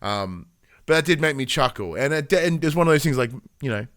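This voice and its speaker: Aussie bloke rambling on a podcast, lots of uhs, dry mic. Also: male voice, fairly high pitch, animated, brisk, fairly bright tone, dry recording. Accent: Australian. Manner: rambling storyteller, chuckling, lots of fillers. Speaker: podcast co-host. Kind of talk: casual podcast chat.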